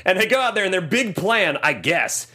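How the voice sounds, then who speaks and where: Male podcast co-host, slightly high, very animated casual movie recap, swears a lot, acts out bits. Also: normal speed.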